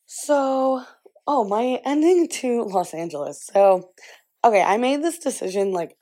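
A young woman in her twenties, a vlogger, chats and rambles to camera while getting ready at home, using "like" over and over. Her voice is fairly high, expressive and warm, with a measured pace.

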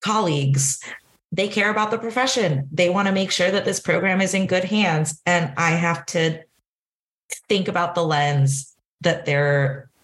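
A woman's voice: lowish voice, unhurried. A young woman in her twenties from Southern California, a band director telling stories in a casual interview, laughing often. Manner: laughs often, animated storytelling with acted quotes.

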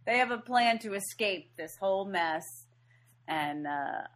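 A woman's voice: medium pitch, measured pace. A woman co-hosting a podcast, chatting casually as she recaps a movie and laughs often. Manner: laughs often, animated retelling with quoted lines. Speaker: podcast co-host.

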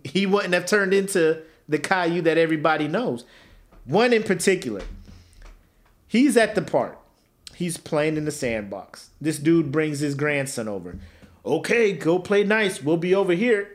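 A man co-hosting a comedy podcast with a lively, swooping voice. He tells stories in loose, profane chat and keeps slipping into the voices of the people in them. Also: fairly high pitch. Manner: animated storyteller, acts out voices, profane. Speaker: podcast co-host.

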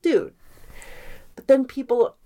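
Animated woman telling spooky stories. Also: high voice, slow. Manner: animated, swears casually, acts out quotes. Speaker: podcast co-host. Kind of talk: casual storytelling chat.

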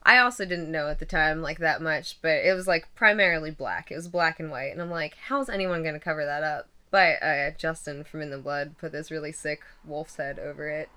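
Woman, twenties, casual interviewee; bright, slightly low voice, rambling with plenty of fillers. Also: a little fast, few pauses. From western Pennsylvania. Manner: rambling, laughs often, many fillers. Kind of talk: casual chat.

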